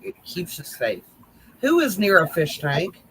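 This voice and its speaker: A man's voice: high voice, huge pitch swings, unhurried, pushed and bright, slight background noise, low-quality recording. A man telling rambling, teasing stories in a casual group chat. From West Virginia. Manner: rambling storyteller, folksy, teasing. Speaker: crochet group admin.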